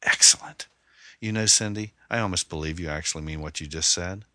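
Man voicing a menacing stalker, cold, mocking, very deep voice, dry sound. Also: fairly quick, pushed and bright, no echo. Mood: cold menace. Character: menacing, controlling male stalker-killer.

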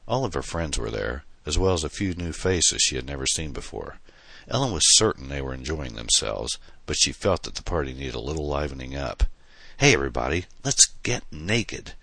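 A man's voice: very deep voice, animated, a little fast, gravelly, a bit bright, slightly rough, no echo. A man reading a novel aloud in dramatic, tense scripted narration. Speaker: audiobook narrator.

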